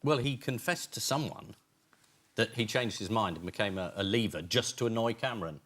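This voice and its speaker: A man's voice: fairly low pitch, normal speed, fairly bright tone. A man as team captain on a comedy panel show, making dry, sardonic interjections.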